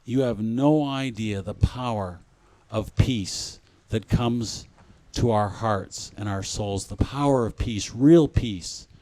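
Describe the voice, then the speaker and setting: A man giving a spiritual talk at a conference, speaking gently and reflectively and often repeating his phrases. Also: lowish voice, slow.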